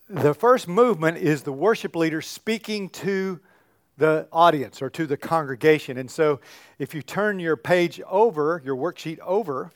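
Man, church class teacher, somewhat high voice, animated, loud emphatic bursts, halting restarts. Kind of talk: teaching on a psalm.

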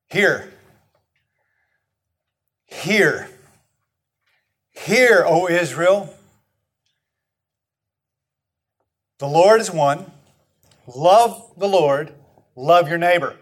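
A man with a Texan accent preaching a sermon, folksy and emphatic, leading the congregation to repeat words after him. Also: on the high side. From Texas. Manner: folksy, emphatic repetition, leads the congregation in call-and-response. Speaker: pastor.

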